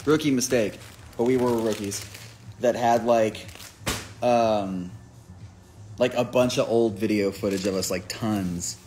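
A man's voice: lowish voice, steady tone, measured pace, pauses often, a little mellow, slight background noise. A man chatting casually on a phone live stream, rambling with lots of "like" and reading out viewers' names and hometowns. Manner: rambling, filler-heavy, reads out viewer names. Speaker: musician streaming a merch live.

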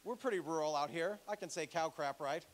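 A male pastor preaching a sermon in a church, animated and joking, acting out the voices he quotes. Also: fairly high pitch, brisk.

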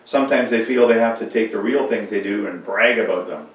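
A man's voice: fairly low pitch, brisk. A man reading a children's story aloud in a church, telling it expressively. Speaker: reader. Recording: echoey church from far off.

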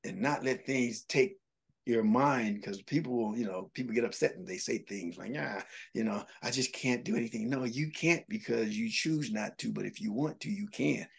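Gravelly, husky-voiced man telling stories. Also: mid-range voice, normal speed. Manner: animated, jokey, repeats himself. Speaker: comedian guest. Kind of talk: storytelling in an interview.

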